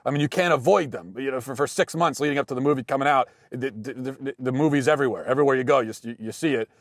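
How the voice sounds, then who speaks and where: An American man in his thirties hosting a show, talking through a casual monologue with dry, deadpan humor and frequent restarts. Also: medium pitch, quick pace, no room sound. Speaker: podcast host.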